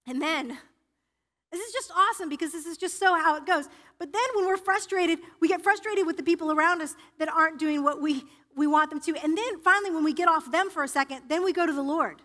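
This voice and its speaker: Woman preacher giving a personal sermon, high voice, big echoey church. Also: fairly quick, a bit bright. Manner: personal, confessional, with frequent restarts. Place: church sanctuary. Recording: reverberant church hall.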